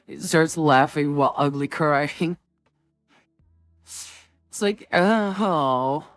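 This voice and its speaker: Slow, chatty woman streamer. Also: sits low, no room sound, soft background music. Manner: rambling, chatty, full of "like" and "um". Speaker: streamer and game host. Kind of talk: casual chat before a tabletop game.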